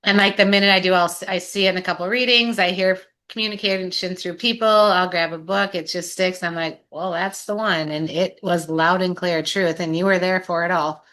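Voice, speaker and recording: A woman's voice: fairly low pitch, steady tone, brisk, hardly any pauses, a bit bright. A woman talking in a casual recovery group chat, impassioned and rambling, swearing and laughing as she goes, her voice a little strained. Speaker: sober group member.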